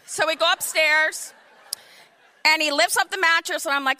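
A woman in her fifties telling a comic personal story with animated, vivid asides. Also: sits high, normal speed.

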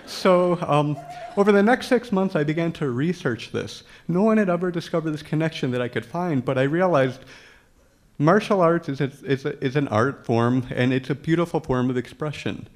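A man's voice: a little high, normal speed. A man telling a personal story to an audience in a humorous way, often chuckling as he talks. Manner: acts out dialogue with lively quoted voices.

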